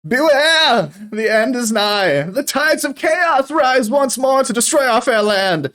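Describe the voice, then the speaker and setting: A man's voice: lively intonation, slow pace, a bit bright, heavily acted. Man putting on a shrieking old dwarf bard. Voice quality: shrill, shrieking. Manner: ranting, theatrical proclamations.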